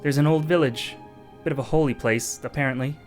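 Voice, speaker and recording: A man reading out the lines of a devout, weary bug who keeps a camp, in an earnest, measured way. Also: medium pitch, fairly even intonation, faint music behind, voice pushed up, lightly acted.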